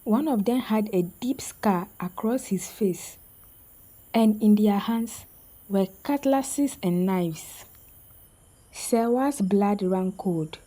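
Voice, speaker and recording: A woman narrating a scripted story in a slow, suspenseful way with dramatic pauses. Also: mid-range voice, warm tone, low-quality recording.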